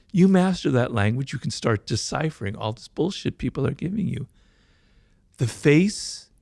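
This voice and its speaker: A middle-aged man speaks as an interview guest, with a mid-pitched, gravelly voice. He talks quickly and emphatically and keeps tossing in "right?" to check that you follow. The sound is dry, with no room echo. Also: a little mellow. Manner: fast-talking, admits his mind races; emphatic, peppers points with "right?". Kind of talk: conversational interview.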